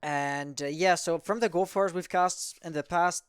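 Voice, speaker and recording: An esports caster covers an amateur match in a chatty, rambling way, frequently correcting himself mid-sentence. His voice is a little high, clear and resonant, at a measured pace with no echo.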